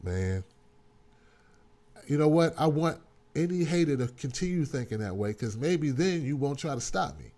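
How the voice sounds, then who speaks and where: This host's voice leans high and dark, swinging widely in pitch at a moderate pace with long pauses. On his live online talk show with chat shout-outs, he rallies the audience earnestly, informally, and repetitively.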